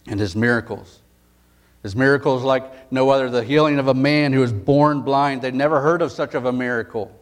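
A male pastor reads scripture and preaches a sermon in an earnest, emphatic way. His pitch and force climb at the key points.

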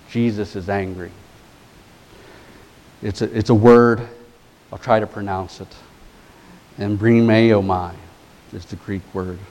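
A man's voice: medium pitch, a little mellow, low-quality recording. A man preaching a sermon as pastor, earnest and emphatic, building points through repeated phrases.

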